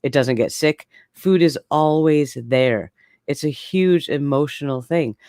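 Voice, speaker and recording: A woman's voice: low-pitched, unhurried, dark tone, no echo. A candid woman in her forties chatting casually as a co-host. She laughs easily between thoughts. Her voice sits close and dry, with no room sound around it. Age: 40s. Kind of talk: casual chat.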